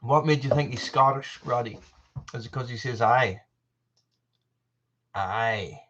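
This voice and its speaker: A man's voice: medium pitch, fairly even intonation, a little fast, fairly bright tone, muffled recording. Rambling Irish man on a live stream. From Ireland. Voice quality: rambling, restarts sentences. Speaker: channel host. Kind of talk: live stream chat reading comments.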